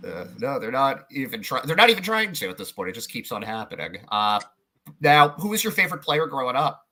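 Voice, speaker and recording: A man's voice: mid-range voice, big pitch swings, a little fast, bright, forceful tone. A man hosting a sports podcast, chatting casually with a guest, with lots of fillers and restarts. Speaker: podcast host. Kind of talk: casual interview chat.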